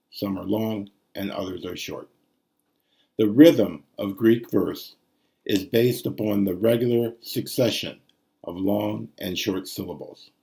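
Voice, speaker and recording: A man's voice: fairly low pitch, creaky, dark tone. A man teaching ancient Greek prosody in a recorded lesson, sounding out syllables and rhythms aloud.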